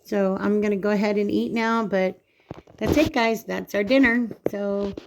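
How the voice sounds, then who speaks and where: A woman's voice: mid-range voice, steady tone, moderate pace. A woman hosting a casual home cooking vlog in her kitchen, chatting straight to viewers as she cuts food open and tastes it.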